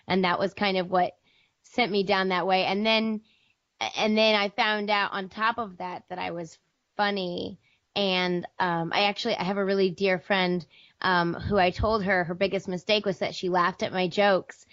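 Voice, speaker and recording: An American woman with a slightly raspy voice, a guest actor and improviser chatting casually with lots of fillers. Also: mid-range voice, a bit bright, no room sound. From United States. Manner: chatty and rambling, with lots of fillers and self-deprecating laughs. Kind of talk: casual interview chat. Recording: dull lo-fi sound.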